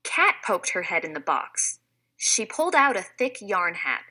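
A woman reading a children's storybook aloud in a clear, expressive way, like a teacher. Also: on the low side, slow pace.

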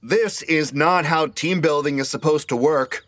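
A man's voice: a little high, measured pace, fairly bright tone, dry recording, voice pushed up. A man voicing a smug corporate manager who hollers in office jargon, in an audiobook. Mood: indignant.

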